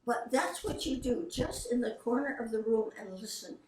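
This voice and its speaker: An older woman, a voice actress, tells casual stories in a chatty, anecdotal way, quoting the people in them. Her voice is on the high side and a little mellow at a moderate pace, and the sound is roomy and distant.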